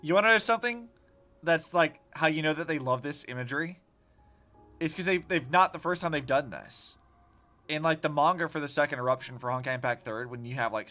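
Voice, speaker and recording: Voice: medium pitch, pushed and bright. A VTuber streamer giving casual, chatty gameplay commentary with rambling asides.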